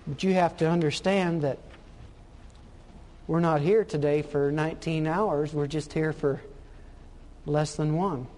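A man's voice: fairly high pitch, fairly even intonation, measured pace, long pauses, a little mellow. A man preaching a sermon, emphatic, asking rhetorical questions and repeating phrases for stress.

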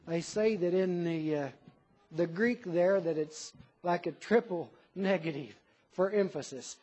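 A man with a notably high-pitched voice preaches with earnest emphasis. He stresses his points and repeats them to drive them home. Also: a little slow, husky, dull audio. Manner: earnest, emphatic, reads a poem in a softer lower voice. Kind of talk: sermon.

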